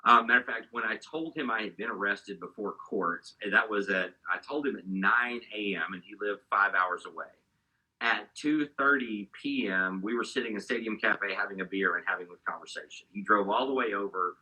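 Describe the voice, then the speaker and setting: A man being interviewed, giving an animated, candid account of his own past. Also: lowish voice, normal speed, breathy edge, rough recording. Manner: animated storytelling, gets fired up. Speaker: interview guest.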